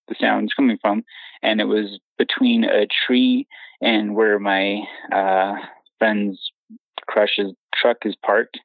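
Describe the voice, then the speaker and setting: Gravelly young man on a phone line. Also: on the low side, no room sound. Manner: rambling, halting with many restarts, nervous laughs. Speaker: caller telling his own encounter story. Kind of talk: casual storytelling.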